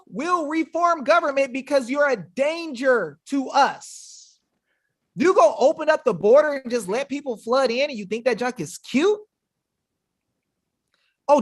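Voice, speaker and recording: A man's voice: very high voice, expressive, measured pace, fairly bright tone. A man hosting a webinar in an emphatic, combative, slangy manner, talking casually to his viewers. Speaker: webinar host. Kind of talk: fiery casual livestream talk.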